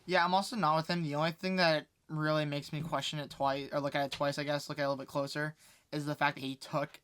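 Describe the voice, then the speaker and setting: A man's voice: a little high, flat delivery, quick pace, fairly bright tone. A man co-hosting a casual sports podcast, reading quiz hints with laid-back, joking banter. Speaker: co-host giving quiz hints.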